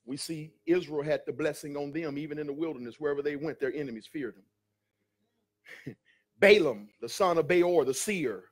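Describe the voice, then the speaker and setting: A male pastor preaching a sermon, calling out to the congregation and rising to shouts. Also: on the high side, moderate pace. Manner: preaching with call-and-response, building to shouts. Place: church sanctuary.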